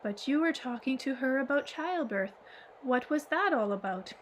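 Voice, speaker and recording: A woman's voice: sits high, expressive, moderate pace, slight background noise. A woman reading the part of a curious, skeptical grown man in an audiobook, asking eager questions.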